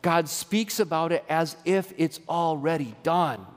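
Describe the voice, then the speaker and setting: Lively pastor in a reverberant church. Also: male voice, fairly high pitch, unhurried, hardly any pauses. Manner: lively, conversational preaching with audience participation. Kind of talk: sermon. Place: church sanctuary.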